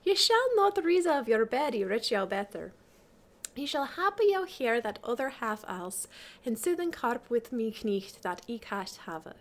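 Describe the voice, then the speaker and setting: Coaxing, teasing court lady, voiced by a woman reader, lively high delivery. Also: normal speed. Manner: playful, coaxing recitation in old verse. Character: flirtatious noble lady teasing a knight.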